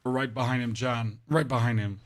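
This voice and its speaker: A slightly hoarse man giving casual, rambling commentary while streaming a game, joking with his chat. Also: mid-range voice, fairly even intonation, fairly quick. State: a bit hoarse.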